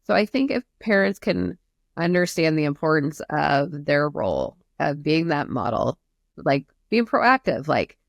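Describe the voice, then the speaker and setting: A woman's voice: deep voice, sing-song, measured pace, creaky, no room sound. A woman therapist speaking earnestly and emphatically in a podcast conversation, explaining at length. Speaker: therapist guest.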